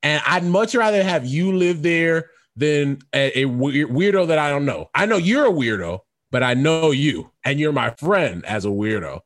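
A man co-hosting a podcast, telling stories in casual banter and often breaking into high squeals and laughs. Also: normal speed, hardly any pauses. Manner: animated storyteller, jumps into high squeals and laughs. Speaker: podcast co-host.

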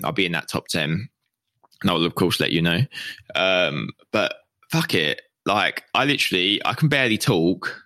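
A young British man rambles on his own podcast, hyped and swearing freely, with a slight lisp and a touch of whine. His voice sits low but sounds bright and forward. The recording is dry and close, with no room sound. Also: dry recording. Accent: British English. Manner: excited and sweary, calls his own voice a bit whiny. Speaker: podcast host. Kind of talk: rambling solo podcast chat.

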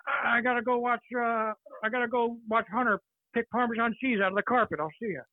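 A man's voice: extremely high pitch, steady tone, quick pace, voice pushed up. A man putting on a rambling, folksy elderly male politician who repeats himself on a phone call. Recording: tinny phone line.

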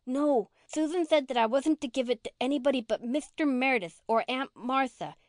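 A small, prim girl in her best clothes, lisping and pleading in a high, thin voice. A woman acts her out in a storybook reading, recorded dry and close. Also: moderate pace, no room sound, close to an everyday voice. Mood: insisting.

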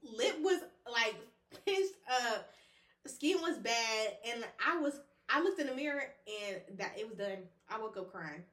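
A woman co-hosting a podcast in casual chat, animated, laughing often and swearing freely. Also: on the high side, a little slow, roomy sound. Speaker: podcast co-host.

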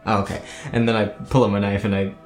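A man's voice: lowish voice, level tone, fast talker, darkish tone. A man playing a tabletop game, talking in a laid-back way, swearing casually and chuckling. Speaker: player. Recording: echoey room with faint music.

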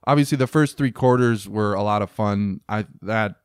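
Young guy, lowish voice, rambling sports pod chat, lots of likes, dry close mic. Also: moderate pace, smooth, no room sound. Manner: rambling with many filler likes, laughs while telling. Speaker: podcast co-host. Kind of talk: casual sports podcast chat.

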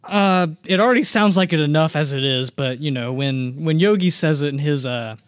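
A man's voice: on the high side, animated, normal speed, no echo. A man on a podcast chatting casually about a movie, laughing often and acting out scenes in silly voices. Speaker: podcast co-host. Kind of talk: casual film chat.

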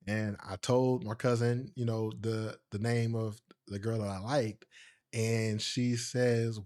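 Chatty male podcast host telling a story. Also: mid-range voice. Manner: animated, laughs often, quick asides; speaks straight to listeners. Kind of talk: casual storytelling monologue.

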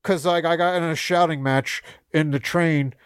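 Male comic co-host, crude storyteller, slightly high voice, dry close sound. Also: steady tone, moderate pace, clear, resonant tone, dry recording. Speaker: comedian podcast co-host. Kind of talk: casual comedy chat.

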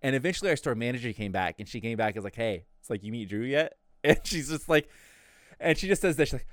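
Animated young man telling a story. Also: medium pitch, fast, dry recording, studio quality. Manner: animated, profane, acts out quotes. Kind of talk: casual podcast chat.

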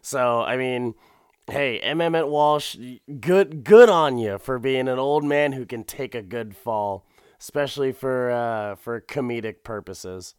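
Young man giving a clear, casual recap. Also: mid-range voice, unhurried, no room sound, clean studio sound. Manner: rambling and profane, with frequent laughs and restarts.

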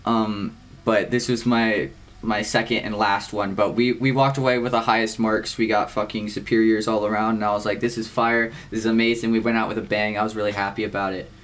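A teenage boy co-hosting a podcast, rambling through his week in casual chat, swearing often and filling pauses with "um" and "like.". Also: fairly low pitch, level tone, a bit bright. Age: teens. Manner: rambling, swears a lot, many fillers. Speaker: podcast co-host.

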